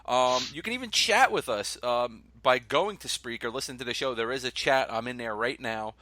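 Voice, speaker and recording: A man's voice: mid-range voice, moderate pace, sharp tone, no echo. A man with a Philadelphia-area accent co-hosting a casual sports podcast, laid-back and joking, with lots of fillers and restarts. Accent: Philadelphia-area American. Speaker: podcast co-host.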